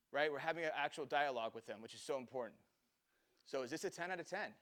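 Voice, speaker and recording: A man's voice: a little high, fast talker. A man leading a restaurant training seminar, talking energetically, acting out little dialogues and often checking in with "right?". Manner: animated, acts out dialogue, many "right?" tag questions. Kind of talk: energetic seminar talk to an audience.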